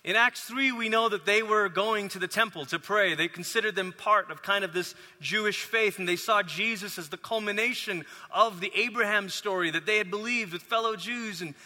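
A man's voice: high-pitched, sharp tone, in a large hall. A man who grew up in Malaysia, preaching a sermon as a pastor in a conversational, storytelling manner.

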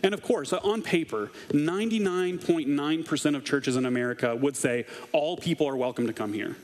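A man's voice: fairly high pitch, brisk, a little mellow. A man preaching a conversational sermon as a pastor, casual and wry with dry asides. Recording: long hall reverb.

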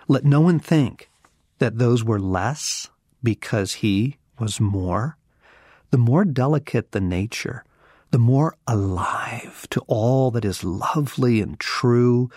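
A man's voice: lowish voice, a little mellow, husky, no room sound, clean studio sound. A man giving a devotional teaching, reading scripture and dropping to a whisper for emphasis. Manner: slow, intense, drops to a whisper for emphasis. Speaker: author and teacher.

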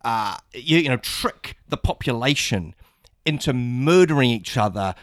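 A man's voice: mid-range voice, lively intonation, measured pace, a bit bright, dry recording. A man on a comedy podcast, dropping dry, conspiratorial one-liners. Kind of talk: improvised comedy chat.

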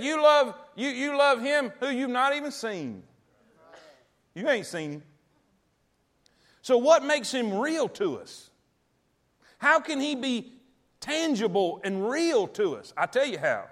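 A man preaches in an unusually high voice. He tells homespun stories, repeats his phrases for emphasis and speaks straight to his congregation. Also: a bit bright. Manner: storytelling, talks directly to the congregation. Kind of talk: sermon.

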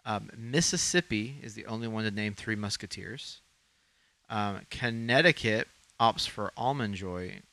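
A man's voice: fairly low pitch, measured pace, no echo. A man from Arkansas co-hosting a podcast, chatting casually and rambling with lots of ums. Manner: relaxed, rambling with many ums. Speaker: podcast co-host. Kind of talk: casual chat.

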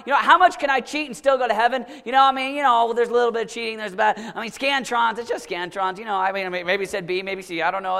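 Guy preaching, bright forceful voice, shouts then goes real low, lots of hall echo. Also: steady tone, quick pace, vocal fry, few pauses, smooth. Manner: dramatic, swings from shouting to low intensity. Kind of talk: sermon.

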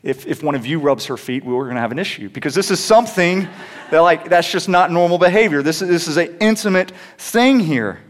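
A man's voice: on the high side, lively intonation, fairly quick. A young adult man preaching a sermon in a conversational way, stumbling on restarts and rising into emphatic peaks. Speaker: pastor.

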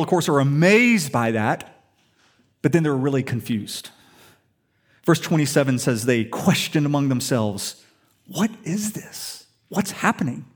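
Emphatic preacher, a man with a higher voice. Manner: storytelling, emphatic, rhetorical questions. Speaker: pastor. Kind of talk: sermon.

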